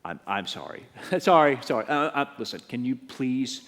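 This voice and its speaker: A man's voice: medium pitch, sing-song, normal speed, fairly bright tone. Guy doing a nervous stammery disciple, echoey church. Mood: flustered. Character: flustered fisherman disciple, grown man.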